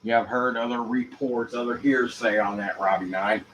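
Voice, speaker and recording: A man hosting his own show alone, rambling in a free-associating monologue with rhyming wordplay, dropping to mutters and rising to loud outbursts. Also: mid-range voice, steady tone, normal speed, slight background noise, rough recording. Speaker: show host.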